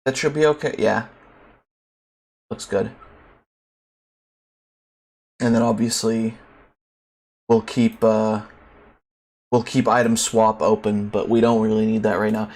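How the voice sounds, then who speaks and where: A man's voice: fairly low pitch, steady tone, unhurried, pauses often, darkish tone. A young man streaming a game, chatting casually in a rambling, profane, ranting way. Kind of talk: casual live-stream commentary.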